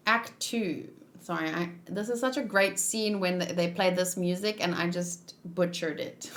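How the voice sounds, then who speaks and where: A woman's voice: medium pitch, moderate pace. A young woman reading a manga aloud with casual commentary, playful and giggly, making her own sound effects. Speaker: manga read-along host.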